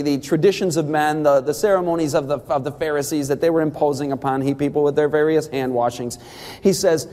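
A man giving an emphatic, animated talk on Bible diet rules, with quick asides and laughs. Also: on the high side, long reverb tail.

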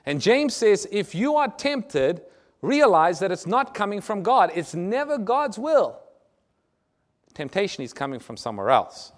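A man with a high, very animated voice speaks a little slowly as he preaches a sermon, reading scripture aloud and explaining it. He keeps putting rhetorical questions to his listeners in what sounds like a church or a lecture hall with a screen.

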